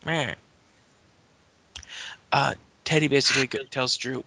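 A man recapping wrestling matches on a podcast in a gravelly, bright voice. His tone is wry, and the sound is dry and close. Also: on the high side, lively intonation, normal speed, no room sound. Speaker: podcast co-host.

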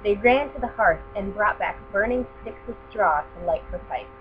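A woman reads a children's picture book aloud in a steady, expressive manner. The recording is thin and phone-like, with a clear mains hum running underneath. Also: mid-range voice, moderate pace. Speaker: storyteller.

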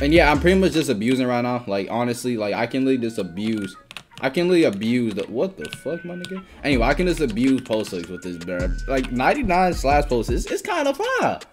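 A young man talks through a video game match in a loose, profane stream of commentary. His pitch swings wildly between muttering and excited shouts. Music plays underneath. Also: a little fast. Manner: excitable, swears a lot, trash-talks teammates and opponents. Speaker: gaming YouTuber. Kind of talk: casual gameplay commentary. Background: background music.

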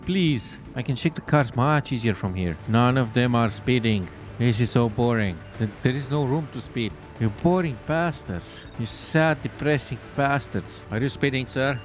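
A man sarcastically commentating a game as he plays, exasperated and swearing freely. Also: mid-range voice. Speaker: gameplay commentator. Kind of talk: let's play commentary.

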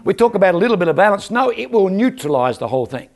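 An older man preaching a lively church sermon, joking and calling out for amens from the congregation. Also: high-pitched, quick pace, vocal fry. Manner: animated, joking, calls for amens from the crowd. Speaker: guest preacher. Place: church service.

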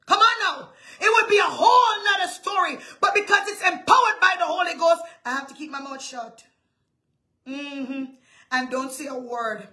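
A woman pastor preaching a livestreamed sermon, loud and often shouting, with emphatic call-outs to her listeners and a throat strained from yelling. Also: very high voice.

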